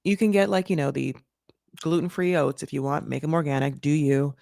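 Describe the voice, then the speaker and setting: A woman's voice: sits low, steady tone, a little fast, vocal fry, mellow, dry recording, clean studio sound. A woman hosting a casual reality-show recap, gossipy and sarcastic, swearing and filling her talk with "like".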